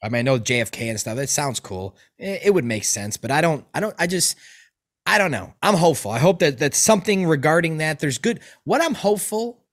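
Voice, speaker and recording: A man's voice: fairly high pitch, very animated, a little fast. Give me a rambling, swearing male podcast host. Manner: profane, rambling storytelling with many restarts. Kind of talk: casual chat.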